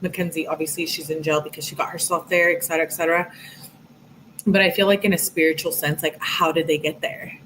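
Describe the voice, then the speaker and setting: A woman with a low-sitting, fairly bright voice speaks fast with fairly even intonation, in a rough recording with slight background noise. She reads text messages aloud and offers chatty, reflective commentary on a true crime case, peppered with lots of "like" and "um".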